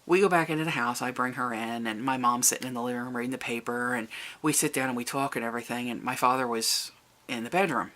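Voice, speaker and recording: Vlogger telling a family story, bright tense voice, keeps restarting, goes higher when quoting people. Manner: recounts events, raising the voice for quoted people; halting, with many restarts. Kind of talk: personal storytelling to camera.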